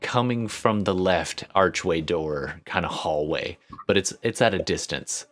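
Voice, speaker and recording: Very deep-voiced man running a tabletop game. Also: fairly bright tone. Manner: halting, descriptive, full of fillers. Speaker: game master.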